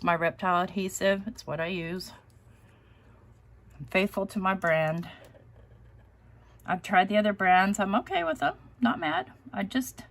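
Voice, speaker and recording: A woman's voice: medium pitch, a bit bright. A woman hosting a casual live crafting stream, chatty and self-deprecating, often laughing at herself. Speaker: crafting channel host.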